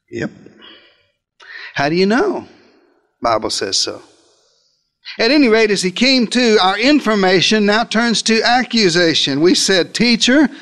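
A man preaching a theatrical sermon, retelling a story as if he were there and speaking directly to his listeners. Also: a bit bright. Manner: theatrical, shifts pitch and pace for emphasis. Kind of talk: dramatic first-person sermon storytelling.

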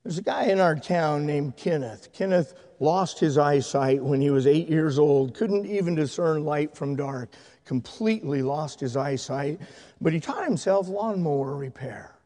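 A male pastor telling stories in a sermon, swinging from loud, excited shouting to hushed, tender speech. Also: fairly high pitch, unhurried, in a large hall. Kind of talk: sermon storytelling. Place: church sanctuary.

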